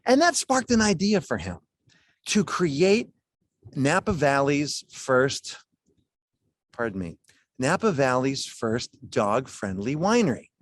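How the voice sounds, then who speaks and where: A man's voice: mid-range voice, very animated, slow, pauses often, no echo. A man presenting wines at a charity gala over a video call, in a chatty, folksy way, chuckling as he talks.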